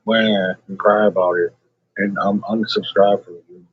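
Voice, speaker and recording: A man's voice: sits low, level tone, normal speed, breathy edge, highs cut off. A man ranting to his livestream chat in a rambling, combative way, swearing constantly.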